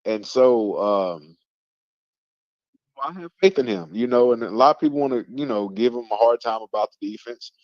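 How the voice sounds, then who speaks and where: A man's voice: mid-range voice, expressive, moderate pace, no room sound. A man hosting a casual sports talk show, rambling with lots of fillers and restarts. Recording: dull lo-fi stream audio.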